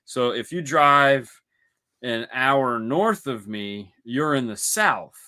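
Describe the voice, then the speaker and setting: A man's voice: mid-range voice, lively intonation, takes it slowly, pushed and bright. A man from Michigan, co-hosting a podcast in casual, rambling, joking chat. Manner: joking, rambling, with mock voices. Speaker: podcast co-host.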